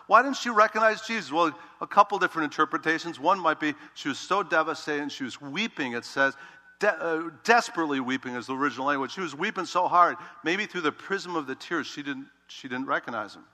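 A male pastor with a strikingly bright, forceful voice preaches with animated storytelling. His emphasis swings from ringing, urgent lines to hushed asides. A long reverb trails every phrase, as if in a large church. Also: a little high, fast talker. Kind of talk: sermon.

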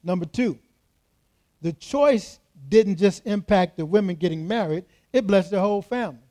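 High-voiced pastor preaching emphatically. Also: male voice, animated, normal speed, mellow. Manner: emphatic, repetitive, talking straight to the congregation. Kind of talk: sermon. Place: church, in front of a congregation.

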